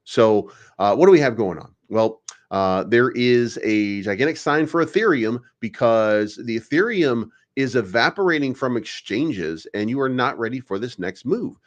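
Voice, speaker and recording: A man's voice: mid-range voice, expressive, normal speed, hardly any pauses. Sarcastic ranting male crypto host. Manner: ranting and sarcastic, mocking viewers in whiny put-on voices. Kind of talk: energetic daily crypto show monologue.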